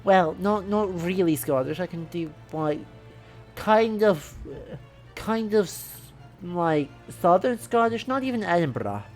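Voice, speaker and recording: A woman's voice: lowish voice, lively intonation, a little slow, a little mellow, soft background music. A woman streamer talking casually while playing a game, in a chatty, rambling way that keeps correcting itself. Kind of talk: casual gaming stream commentary.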